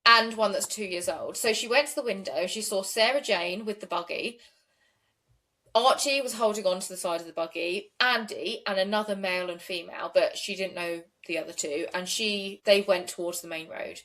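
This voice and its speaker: A woman's voice: medium pitch, moderate pace, sharp tone. A woman co-hosting a true crime podcast, retelling a case in a conversational way with fillers. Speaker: podcast co-host.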